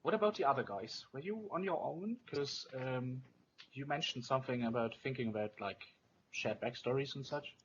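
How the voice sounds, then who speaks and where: A man acting as game master in a relaxed online tabletop session. He speaks at an ordinary middle pitch, easygoing, with plenty of fillers and the odd swear. The voice sounds a little muffled, with faint hiss behind it. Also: moderate pace. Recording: muffled lo-fi voice chat.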